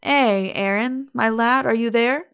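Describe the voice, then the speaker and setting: A woman voicing a gentle, grave aging male weaver with mild, fatherly rustic speech in an audiobook reading. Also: fairly high pitch, unhurried, clean tone. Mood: fond, grave.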